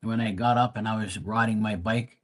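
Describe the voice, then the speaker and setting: A man's voice: fairly low pitch, steady tone, normal speed, a bit bright. A man hosting a tarot livestream, rambling in casual, profane chat with his viewers. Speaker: tarot reader livestream host.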